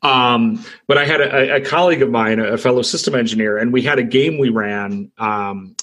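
A man's voice: medium pitch, a bit bright, husky. A man on a casual panel chat, reflecting and telling an anecdote with frequent restarts.

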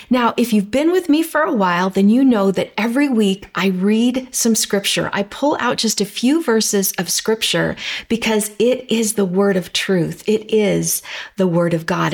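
Woman with a gravelly edge, earnest host. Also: medium pitch. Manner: earnest, encouraging, slows down for declarations. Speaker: podcast host. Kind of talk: devotional teaching with scripture reading.

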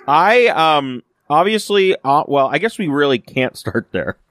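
A male podcast co-host with a slightly high, sing-song, fairly bright voice speaks a little slowly in a dry, studio-quality recording. He casually reviews a TV episode, rambling with lots of fillers and restarts and dramatizing quoted lines.

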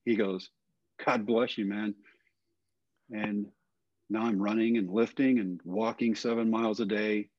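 An older man telling a personal story in a podcast interview, earnest and plain-spoken, often trailing off softly. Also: fairly low pitch, dry recording. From Texas. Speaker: guest. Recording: dull, dry, lo-fi audio.

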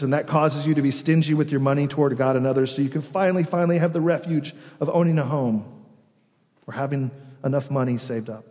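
A man preaching a sermon as pastor, earnest, with dramatic pauses and emphatic swells. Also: fairly high pitch, darkish tone, in a large hall.

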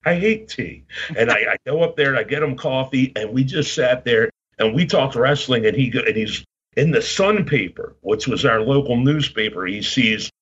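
A husky-voiced man in his fifties from Baltimore spins a rambling story in casual podcast chat. The sound is a little dull and lo-fi. His pitch sits in an ordinary middle range. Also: moderate pace, fairly bright tone. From Baltimore, Maryland. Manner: rambling anecdotes, acts out quoted voices.

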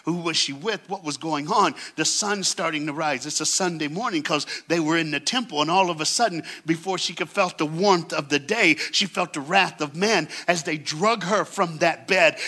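High, bright-voiced preacher man storytelling. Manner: dramatic storytelling, swings from hushed to shouting; call-and-response with the crowd. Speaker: guest preacher. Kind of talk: sermon. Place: church stage.

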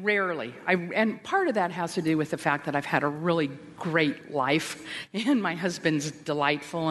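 A woman's voice: on the low side, fairly bright tone. A middle-aged woman giving a candid, self-deprecating talk to women, with wry asides. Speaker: Christian women's speaker. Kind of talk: conference talk. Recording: long hall reverb.

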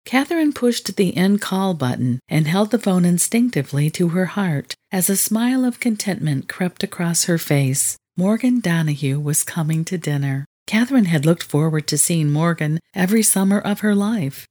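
A woman narrating a novel in a measured storytelling manner. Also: on the low side, lively intonation, a little mellow. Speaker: audiobook narrator. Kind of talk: scripted narration.

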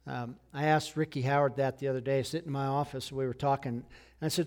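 A man's voice: medium pitch, steady tone, fairly quick, a little mellow. A middle-aged man, a pastor, preaching a sermon in a conversational way, often checking in with his listeners. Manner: conversational preaching with frequent "okay?" check-ins.

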